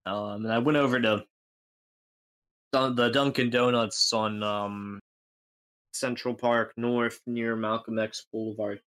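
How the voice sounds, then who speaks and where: A man's voice: on the low side, steady tone, a little slow, long pauses, fairly bright tone. A young man co-hosting a podcast, rambling through a comic story with lots of fillers. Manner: rambling, filler-heavy, puts on voices in anecdotes. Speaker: podcast co-host. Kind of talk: casual comedic storytelling.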